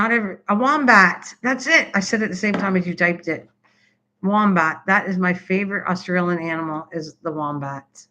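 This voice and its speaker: An older Canadian woman with a medium-pitched, fairly bright voice hosts a casual craft livestream. She rambles chattily while answering the comments viewers type in.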